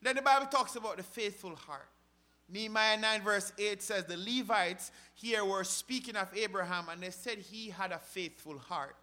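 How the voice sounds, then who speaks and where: A man preaching a sermon, asking rhetorical questions and swinging from loud, impassioned rises to quiet drops. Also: high voice, normal speed. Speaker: pastor.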